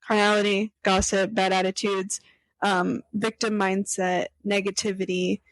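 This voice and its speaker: A woman's voice: medium pitch, measured pace, no room sound, poor audio. Chatty young woman, dry close sound. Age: young adult. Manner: chatty, lots of fillers, animated quoted voices. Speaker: podcast host. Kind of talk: casual chat.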